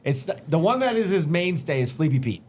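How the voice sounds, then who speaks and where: A man swapping stories on a podcast, loose and profane, slipping into his friends' voices as he goes. His voice sits a little high for a man. A faint hiss runs under it. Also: a little fast. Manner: profane, animated storyteller who acts out friends' lines. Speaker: podcast host. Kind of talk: casual storytelling chat.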